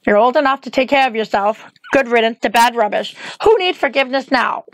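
A woman voicing a sharp-tongued, bossy witch who scolds and snaps orders in an audiobook reading. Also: fairly high pitch, a little fast, no room sound, natural voice. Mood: scolding. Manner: scolding, impatient.

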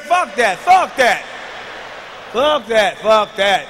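A man with a high, bright voice does stand-up, loud and profane, and shouts out his punchlines. He is recorded live in a big arena on a handheld mic. A long reverb trails each line, with a faint hum of the room underneath. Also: expressive, takes it slowly. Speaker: stand-up comedian. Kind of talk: stand-up routine. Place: large arena stage with live audience.

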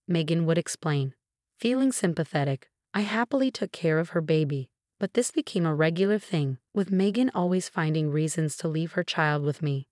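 Woman, story narrator, matter-of-fact, somewhat low voice, dry close sound. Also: moderate pace, darkish tone, no echo. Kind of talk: scripted first-person story narration.

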